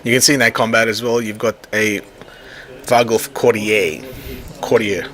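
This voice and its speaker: A man's voice: fairly low pitch, steady tone, moderate pace, fairly bright tone. A man casually explaining a tabletop wargame as he plays, often stopping and restarting his phrases. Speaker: tabletop wargame player recording a battle report. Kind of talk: casual explanatory narration over a tabletop game. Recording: chatter from a crowd in the background.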